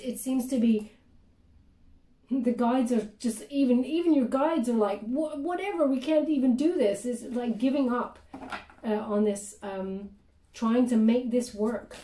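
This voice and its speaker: Tarot reader, female, chatty and hesitant with lots of ums; voice mellow, mic distant. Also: on the high side, roomy sound. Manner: chatty, hesitant, many fillers, drops to soft murmured prayers. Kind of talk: tarot reading monologue.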